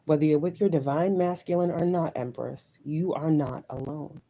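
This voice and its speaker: Woman tarot reader on a live stream: mellow, warm tone, emotional and preachy, drops to soft near-whispers. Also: low voice, normal speed, low-quality recording. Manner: emotional, preachy, repetitive affirmations, swears.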